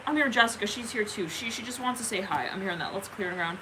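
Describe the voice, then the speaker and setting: A woman's voice: mid-range voice, quick pace, background noise. A woman giving a casual tarot reading, rambling and giggling often. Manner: giggly, rambling, stream-of-consciousness. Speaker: tarot reader.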